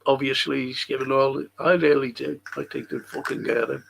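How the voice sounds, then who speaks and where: A man's voice: medium pitch, steady tone, brisk, vocal fry, a bit bright, a little hiss or hum. An older man with a Liverpool accent, hosting a live podcast stream, reading viewer comments and telling blunt, sweary, rambling stories. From England. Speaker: podcast host.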